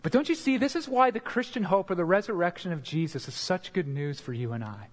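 A man preaching a sermon as pastor, earnest and expressive, sometimes repeating words as he builds a point. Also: sits high, fairly quick. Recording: long hall reverb.

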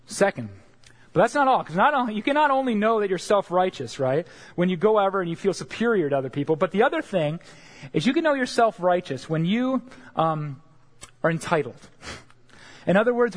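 A man preaching a sermon, earnest and direct, often checking in with the congregation with a quick "right?". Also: sits high. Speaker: pastor.

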